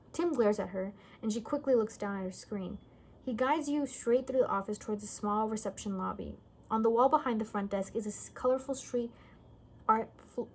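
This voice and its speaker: A woman's voice: mid-range voice, darkish tone, slight background noise. A woman reading a novel aloud in a casual way, often stumbling over words and correcting herself. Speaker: reader.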